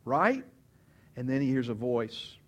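A man's voice: mid-range voice, very animated, measured pace. A man preaching a sermon, telling stories with animation, asking rhetorical questions and acting out quotes. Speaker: pastor.

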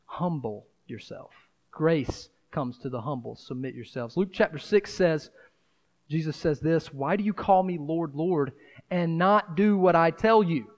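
A man's voice: on the high side, unhurried, dull audio. A man preaching a sermon in a conversational style, breaking into dramatic acted asides. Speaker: pastor.

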